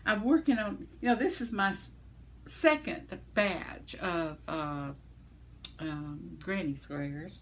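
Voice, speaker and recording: Her lowish voice moves slowly as a woman in her 70s reads viewer comments in a casual vlog chat. The talk is giggly and rambling, with fillers and thoughts left trailing.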